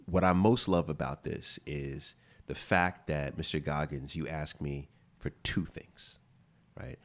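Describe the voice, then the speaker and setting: A man hosting a podcast, giving casual advice in an emphatic way and repeating key phrases for stress. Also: low-pitched. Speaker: podcast host. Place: studio.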